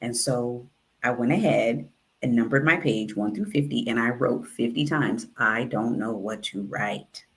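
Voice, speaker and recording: A woman who works as a writing consultant and author coach, telling a story in a casual, animated way and acting out the dialogue. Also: extremely low pitch, unhurried. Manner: animated, acts out quoted dialogue.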